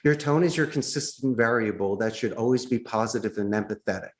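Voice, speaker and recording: A man, a call center boss, explaining sales phone tactics with enthusiasm and acting out calls in bright voices. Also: medium pitch, a little fast. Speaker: call center CEO, interview guest. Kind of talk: animated sales coaching talk. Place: in Costa Rica.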